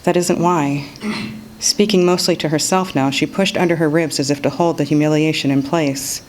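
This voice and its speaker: A woman reading an excerpt of her own novel aloud in a measured storytelling manner. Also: deep voice, fairly even intonation, darkish tone, a little hiss or hum, poor audio. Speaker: author reading her work.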